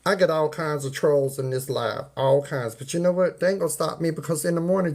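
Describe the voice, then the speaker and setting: Barely pausing and speaking fairly fast, a streamer with a slightly mellow mid-range voice rants casually to his viewers. He's folksy and sermonizing, says y'all and ain't, repeats his points, and shouts out chatters by name.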